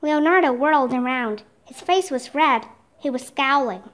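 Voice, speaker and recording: Woman reader, children's audiobook, high voice, steady. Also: normal speed.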